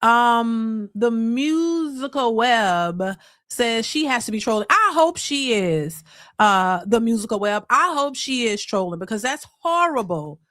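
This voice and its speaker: A woman hosts a live reaction stream, reading viewer messages aloud and reacting with big exclamations. Her voice sits fairly high and she talks straight to her audience. The sound is dry and close. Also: a bit bright, no echo.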